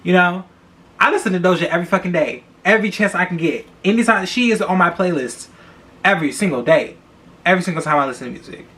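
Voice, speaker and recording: A young man hosting a podcast, gossiping about celebrities in a blunt, profane, animated way and repeating himself for emphasis. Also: high voice, fast talker. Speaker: podcast host. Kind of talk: casual celebrity gossip commentary.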